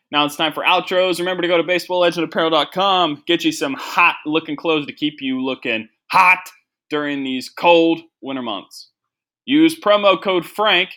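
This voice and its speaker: A man's voice: on the high side, bright, forceful tone. A young man hosting a comedy podcast, rambling and self-deprecating, with lots of "like" fillers. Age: young adult. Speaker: podcast host. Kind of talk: casual comedy podcast monologue.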